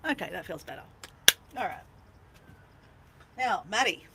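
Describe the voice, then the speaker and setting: Lively, chatty Australian woman. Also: mid-range voice, a little slow, noisy background. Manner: chatty and playful, squealing greetings. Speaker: vlogger greeting live viewers. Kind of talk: casual livestream chat. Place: camper van.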